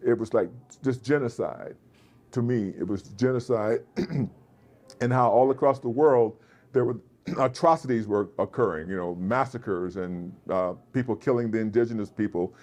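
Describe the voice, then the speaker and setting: A man, an actor being interviewed, with a deep resonant voice, telling animated stories and slipping into voices. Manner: animated storyteller, slips into voices. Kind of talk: casual interview chat. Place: festival convention floor.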